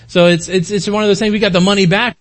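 A man's voice: high voice, steady tone, fast. A man in his forties preaching a conversational sermon to a congregation in a church hall, folksy and full of rhetorical questions. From United States. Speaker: pastor.

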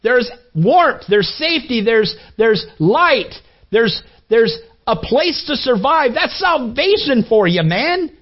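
A man's voice: high voice, sing-song, normal speed. A preacher voicing an exasperated father who scolds and pleads at a bird in a raised voice. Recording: dull lo-fi recording.

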